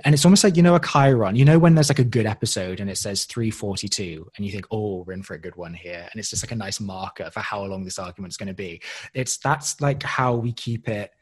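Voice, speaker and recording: A man co-hosts a casual recap chat, narrating scenes with gleeful animation. His voice is a little husky and mid-pitched. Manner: animated storyteller, laughs often, acts out scenes. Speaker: podcast co-host.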